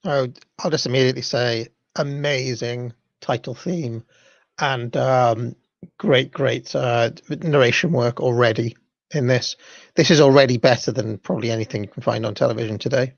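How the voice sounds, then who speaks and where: Gravelly man musing. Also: medium pitch, fairly even intonation, normal speed, no room sound. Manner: hesitant, reflective. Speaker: host. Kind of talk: video commentary. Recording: dry, dull lo-fi mic.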